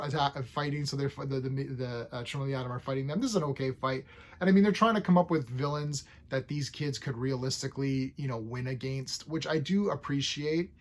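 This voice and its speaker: A man reviewing comic books in a casual vlog, opinionated and ranting, who clears his throat often. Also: mid-range voice. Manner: opinionated, ranting about story tropes.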